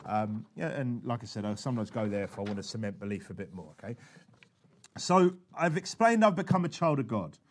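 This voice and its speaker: A man giving an animated, conversational teaching talk as a preacher, often restarting his sentences. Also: lowish voice, brisk. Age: adult father. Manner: animated and chatty, with frequent restarts. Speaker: preacher teaching soul-winning.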